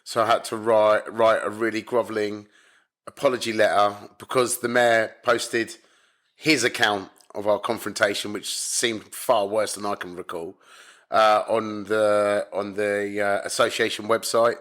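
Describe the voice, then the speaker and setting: A man, a carp angler from the UK, telling stories as a podcast guest in a blunt, animated way, swearing often. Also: on the low side, a little slow. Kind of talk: casual storytelling chat. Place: home in Spain.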